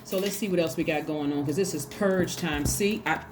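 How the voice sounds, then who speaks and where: A woman's voice: deep voice, normal speed, over loud music. A woman giving a casual tarot reading, talking emphatically and acting out little quoted exchanges. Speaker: tarot reader.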